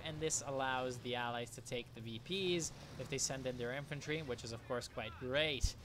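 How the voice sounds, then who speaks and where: A man giving live commentary on a strategy game match, excitable and swearing freely, often breaking into laughter. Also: mid-range voice, a little fast, few pauses, slight background noise. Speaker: game caster.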